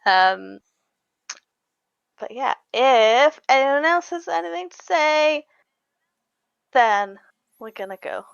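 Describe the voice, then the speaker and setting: A woman running a tabletop game, closing out a live stream in an easy, rambling way with a fairly high, smooth, crisp voice. The sound is dry and close, though a little dull and lo-fi. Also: takes it slowly, long pauses, no room sound. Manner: chatty and relaxed, with many fillers and laughs. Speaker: game master. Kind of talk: casual wrap-up chat on a live stream.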